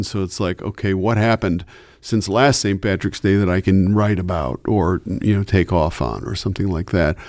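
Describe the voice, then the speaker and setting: A man who works as a radio announcer chatting as an interview guest in an animated way. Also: low-pitched, no echo, clean studio sound. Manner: animated, chatty, slips into voices. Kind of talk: casual interview chat.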